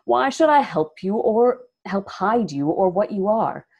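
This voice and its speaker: A woman voicing a proud young village wise woman who answers with sharp, indignant retorts. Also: lowish voice, animated, normal speed, breathy edge.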